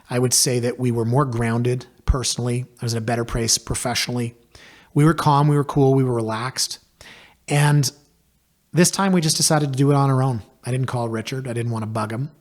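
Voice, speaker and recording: A man tells his own story on a podcast. His delivery is casual, wry and self-deprecating, and he gets lively as the story goes. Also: medium pitch, a little fast. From Canada. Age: 40s. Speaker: podcast host and realtor.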